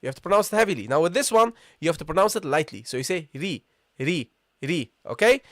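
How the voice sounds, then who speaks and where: A man teaching an online Arabic lesson live, repeating points and checking in with viewers after nearly every phrase, and sounding out letters slowly for them to copy. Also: high voice, sing-song, fairly bright tone, no room sound, studio quality. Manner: repetitive, checks in with "okay?" and "guys"; models pronunciations slowly.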